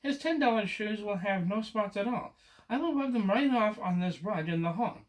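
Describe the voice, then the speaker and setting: A man's voice: high voice, lively intonation, normal speed, voice pushed up. A man reading aloud and voicing a cheeky, boastful cat with a gleeful manner. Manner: gleeful and confident.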